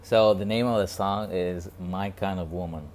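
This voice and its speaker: A man vlogging a casual reflective monologue, talking quietly and rambling with many restarts and repeated words. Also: low voice, steady tone, moderate pace, a little hiss or hum.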